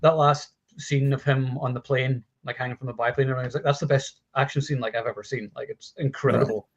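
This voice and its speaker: A man co-hosting a casual film chat, talking in an animated way with lots of fillers and the odd swear word. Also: medium pitch, quick pace, muffled recording. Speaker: podcast co-host. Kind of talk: casual chat about films.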